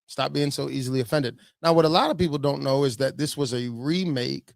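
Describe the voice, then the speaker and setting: A man's voice: medium pitch, brisk, vocal fry, no echo, clean studio sound. A man, a pastor, giving blunt, preachy commentary on videos.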